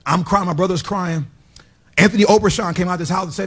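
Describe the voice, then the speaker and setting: Husky high-voiced preaching man. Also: quick pace. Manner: swings from loud shouted praise to low hushed storytelling. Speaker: pastor. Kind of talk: sermon. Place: church sanctuary.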